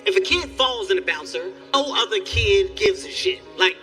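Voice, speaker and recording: High, bright-voiced male stand-up comedian. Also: moderate pace, faint music behind. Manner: animated, loud storytelling with profanity. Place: live stage.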